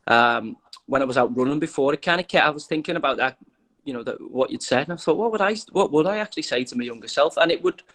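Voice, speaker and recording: Rapid-fire rambling man from England. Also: fairly high pitch, animated, a bit bright, rough recording. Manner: rambling, with restarts and "you know" fillers. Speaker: guest, former footballer. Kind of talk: casual interview talk.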